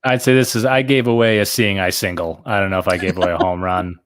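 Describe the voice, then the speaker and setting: A man's voice: low-pitched, steady tone, fast talker, a bit bright, smooth. A man answering trivia questions in casual chat, easygoing and hesitant when unsure. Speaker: trivia contestant.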